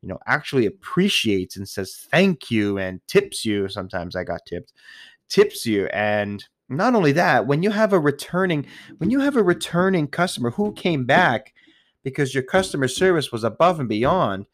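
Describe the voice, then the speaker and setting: A retail worker, male, talks to his listeners in a casual, rambling monologue, swearing a lot, talking nonstop and often restarting sentences. His voice is medium-pitched with big pitch swings at a moderate pace, recorded clean in a studio with no echo.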